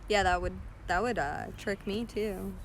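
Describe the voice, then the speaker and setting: A woman's voice: mid-range voice, unhurried, vocal fry, a little hiss or hum. A woman with a British accent chatting casually on a livestream at home, answering viewers' comments while she works on a craft. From Chile. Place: at home, partly in a yard.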